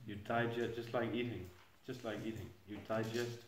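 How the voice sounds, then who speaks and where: A man's voice: on the low side, little pitch movement, normal speed, a little hiss or hum. A middle-aged man giving an informal scripture class in a temple hall, speaking hesitantly and chuckling at his own jokes. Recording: echoey room.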